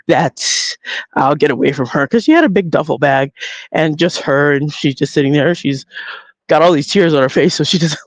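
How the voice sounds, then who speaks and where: A woman's voice: deep voice, normal speed, no room sound. A woman walking outdoors, telling a story in a chatty, casual way and acting out the voices of people in it. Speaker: vlogger. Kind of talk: casual spoken vlog. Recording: dull lo-fi audio.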